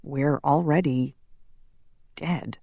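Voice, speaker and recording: A woman's voice: low-pitched, very slow, no echo, clean studio sound, full character voice. A woman voicing an anxious male companion, urgent and pressing. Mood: hushed. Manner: urgent shouting, then hushed.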